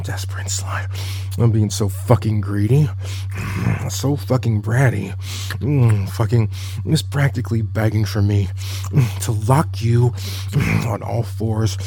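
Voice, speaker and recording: A man performing an intimate audio role-play, speaking in a dominant, murmured way with constant low hums. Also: dark tone, slightly rough.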